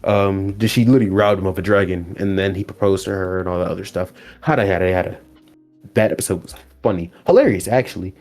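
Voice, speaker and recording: A man hosting a casual anime podcast, retelling episodes and acting out characters' lines. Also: fairly low pitch. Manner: animated storytelling, acts out characters' lines, laughs often. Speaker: podcast host. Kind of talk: casual anime recap chat.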